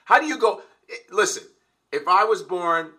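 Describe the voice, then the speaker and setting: Forceful, profane man ranting. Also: high voice, lively intonation, moderate pace. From United States. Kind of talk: heated casual conversation.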